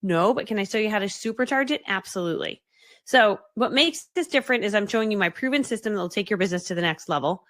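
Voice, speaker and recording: A woman business coach telling her story live to an online audience, fast-talking and animated, acting out voices as she goes. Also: medium pitch, no echo. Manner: laughs often mid-story.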